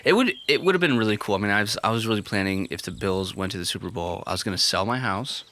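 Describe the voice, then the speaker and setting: A man co-hosting a casual podcast, playful and quick to laugh at his own bits. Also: on the low side, animated, pushed and bright. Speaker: podcast co-host. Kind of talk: casual chat.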